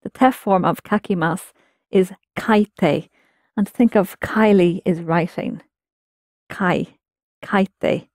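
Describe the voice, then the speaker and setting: A woman's voice: on the low side, measured pace, a little mellow, dry recording, clean studio sound. A woman teaching a language lesson, explaining patiently and prompting her students to answer.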